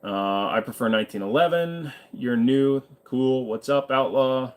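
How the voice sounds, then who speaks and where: A man's voice: medium pitch, measured pace. A tired man hosting a livestream in a casual, laid-back way, reading viewer comments aloud and answering them. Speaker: livestream host.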